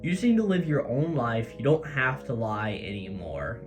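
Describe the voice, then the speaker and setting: A man voicing a brooding teenage boy bent on revenge, speaking low and quietly. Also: very animated, normal speed, faint music behind, lightly acted. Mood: tender. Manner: low, quiet reading of quoted lines.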